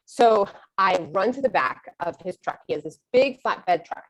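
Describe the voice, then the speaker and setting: A middle-aged woman tells a funny personal story with lots of movement in her pitch. She is self-mocking and acts out her own thoughts as she goes. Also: animated, measured pace, highs cut off.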